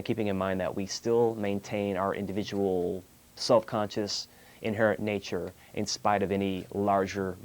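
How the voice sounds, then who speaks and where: Texan man host, lowish voice, rambling spiritual talk, clears throat a lot. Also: a little mellow. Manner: meandering, many fillers and restarts. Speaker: call-in show host.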